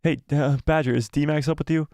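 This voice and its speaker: A man hosting a live watch-party stream, chatting excitedly, exclaiming and repeating himself. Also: on the high side, fairly quick, dry recording. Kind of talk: live watch-party chat, reading viewer comments.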